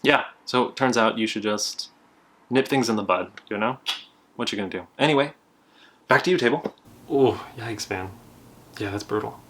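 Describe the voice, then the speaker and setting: Brief: young male host, lower voice, casual, self-deprecating card-game explainer. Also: normal speed, pauses often, a bit bright. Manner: chatty, self-deprecating, laughs while telling. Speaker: board game channel host.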